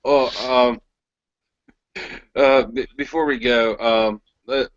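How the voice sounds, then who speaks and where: A man in a casual chat, speaking hesitantly with many pauses and restarts. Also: mid-range voice, fairly even intonation, dry recording, dull audio. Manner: hesitant, lots of ums and restarts.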